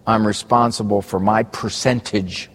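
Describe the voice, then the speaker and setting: Husky male host, plain questioning manner, echoey studio. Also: lowish voice, steady tone, unhurried. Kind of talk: casual chat.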